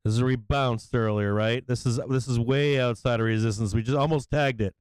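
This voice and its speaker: A man hosting a live stock-market stream, swearing freely and explaining chart levels, with bursts of excited yelling. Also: mid-range voice, brisk, clean tone, no echo, low-quality recording. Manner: profane, excitable, yelling at times. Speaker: stock market livestream host. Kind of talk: live trading commentary.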